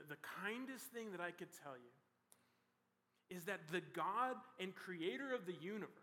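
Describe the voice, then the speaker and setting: A man's voice: high-pitched, bright, forceful tone. A young man giving a youth sermon in a casual, chatty way, with many "like" and "you know" fillers. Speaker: youth pastor. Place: large church hall. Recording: reverberant hall.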